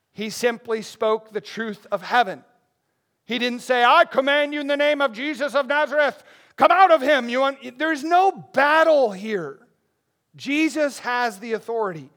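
In a high male voice, a pastor delivers an expository sermon, keeping it animated and conversational while frequently turning aside to address the congregation.

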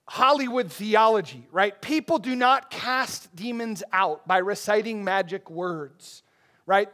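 This is a high-voiced male pastor working through an expository sermon. He talks to the congregation in a lively, chatty way, often breaking off for asides.

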